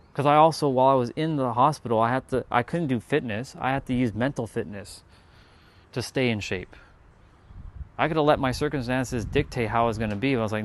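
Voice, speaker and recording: A man speaking to his live-stream viewers in a casual motivational monologue, earnest and blunt, swearing freely and repeating words for emphasis. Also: mid-range voice.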